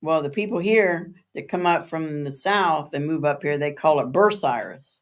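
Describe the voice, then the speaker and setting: A woman's voice: sits low, steady tone, moderate pace. A woman hosting a casual live stream from home, chatting with viewers, answering their comments by name, spelling words out and laughing often. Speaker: livestream host. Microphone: streaming setup.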